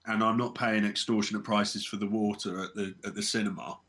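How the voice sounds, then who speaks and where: A man's voice: fairly low pitch, level tone, fairly quick, a bit bright. A man, a comedy podcast co-host telling a story in casual chat, with hesitant restarts.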